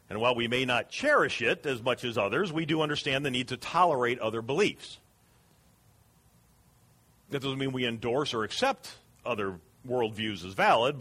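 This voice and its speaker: Husky-voiced male preacher. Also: medium pitch, a bit bright. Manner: earnest, emphatic preaching. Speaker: pastor. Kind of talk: sermon.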